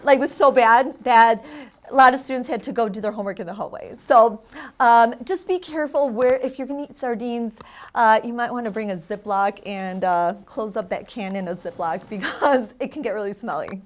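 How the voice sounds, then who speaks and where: A woman hosting a community TV lesson, chatting casually and drilling vocabulary with loud, repeated prompts. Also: fairly high pitch, animated, moderate pace. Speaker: Spanish teacher and show host. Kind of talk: casual teaching on a community TV show.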